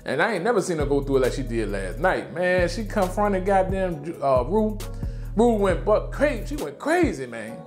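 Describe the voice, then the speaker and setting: A man talking casually and excitedly as he reviews a TV show, full of slang and swearing. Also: high voice, normal speed, faint music behind.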